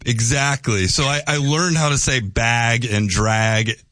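A man's voice: mid-range voice, steady tone, unhurried, bright, forceful tone, dry recording. A man from North Dakota with a North Dakota accent, a guest on a radio show, teasing the host in casual banter. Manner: teasing, playful. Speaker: studio guest.

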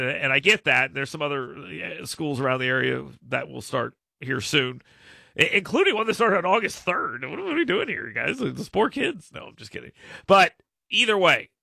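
A man's voice: mid-range voice, gravelly, sharp tone, dry recording, clean studio sound. A man in his thirties hosting a casual talk show, telling rambling stories that make fun of himself. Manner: rambling, self-mocking storyteller. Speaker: radio show host. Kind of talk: casual chat with co-hosts.

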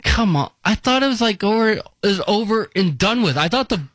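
A man hosting a casual sports talk radio show, animated and quick to react and laugh. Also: high voice, no room sound.

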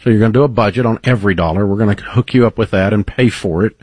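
A man's voice: fairly low pitch, very fast, darkish tone, breathy edge, no echo. A man hosting a call-in advice show, talking in an encouraging, folksy, faith-based coaching way, with studio mic sound. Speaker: radio show host.

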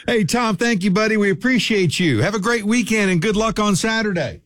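A man's voice: high voice, brisk, a bit bright, no room sound. A man hosting a radio show, chatting with a phone guest in a friendly, upbeat way. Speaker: radio host. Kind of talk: casual radio interview.

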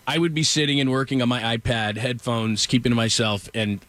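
A man's voice: medium pitch, steady tone, fairly quick, fairly bright tone, dry recording. A middle-aged man hosting a casual sports talk show, rambling through stories with lots of asides. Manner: rambling storyteller with frequent asides.

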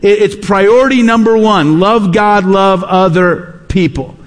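A man's voice: high-pitched, measured pace, in a large hall. A man preaching a sermon, emphatic and repeating his key phrases. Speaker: pastor.

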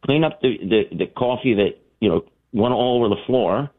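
A man's voice: medium pitch, normal speed. A man calling in to a late-night radio show, telling a story animatedly with lots of restarts and asides. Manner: animated storyteller, voices people in his tales. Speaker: radio caller. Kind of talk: phoned-in anecdote. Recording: tinny phone line.

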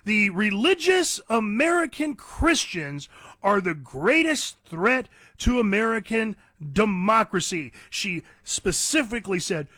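A man's voice: high-pitched, very animated, unhurried, sharp tone, dry recording. A man hosting talk radio, ranting bluntly and combatively in an opinionated monologue from a radio studio.

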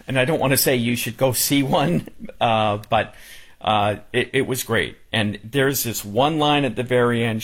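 A man on a radio talk show, speaking casually with many restarts and fillers, emotional as he recalls a funeral. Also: mid-range voice.

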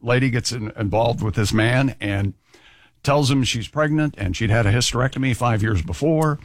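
A man's voice: medium pitch, moderate pace, no echo, studio quality. A man co-hosting a talk show, making sarcastic wisecracks. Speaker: co-host. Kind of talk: casual chat.

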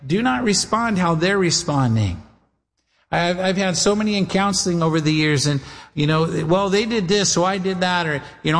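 High-voiced pastor preaching in a reverberant hall. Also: male voice, vocal fry. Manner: earnest, addresses listeners as guys and gals, acts out quoted voices. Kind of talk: sermon.

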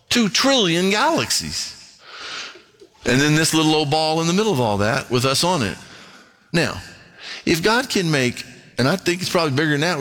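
Guy preaching a sermon, reads scripture, kinda high voice, goes quiet then gets all fired up. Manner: emphatic, swings between hushed and excited. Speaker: pastor.

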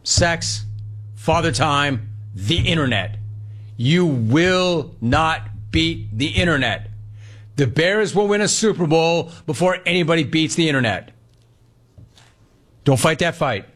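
A man's voice: fairly high pitch, lively intonation, slow pace, pauses often, fairly bright tone. A man hosting sports talk radio, delivering an emphatic monologue and repeating lines for punch, into a studio microphone.

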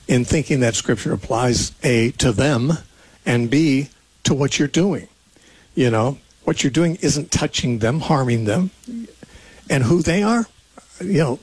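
Male radio host, husky, dry studio sound, thinks aloud earnestly while explaining Scripture to callers. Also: mid-range voice, darkish tone, no echo, rough recording. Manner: earnest, reasoning aloud with restarts. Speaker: radio call-in show host. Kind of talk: call-in radio Bible teaching.

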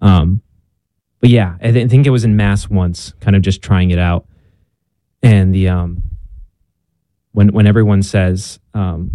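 Young male guest, earnest, self-deprecating storyteller; low warm voice, dry sound. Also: fairly even intonation, a little slow, long pauses, no room sound. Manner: earnest, self-deprecating, with frequent ums and restarts. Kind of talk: casual conversation about faith.

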